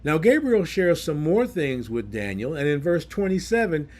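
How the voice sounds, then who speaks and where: Animated high-voiced male preacher. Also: normal speed. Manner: explains scripture verse by verse in plain words. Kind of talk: Bible teaching sermon.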